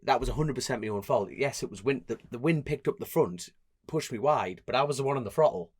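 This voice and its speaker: A man's voice: quick pace, breathy edge. A man with a Geordie accent, a road racer and podcast co-host, telling stories in casual chat and acting out the quotes. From North East England. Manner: animated, laughing, acts out quotes with big pitch jumps.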